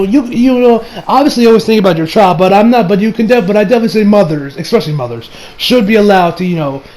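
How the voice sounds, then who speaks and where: A man's voice: high-pitched, darkish tone, slight background noise, low-quality recording. A young man giving a casual, rambling anime review, full of slang and frequent laughter.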